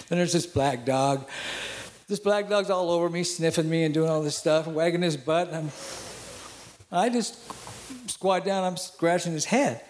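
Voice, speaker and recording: A man telling a personal story in an animated, self-mocking way, acting out the dialogue. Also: on the high side, normal speed, pauses often.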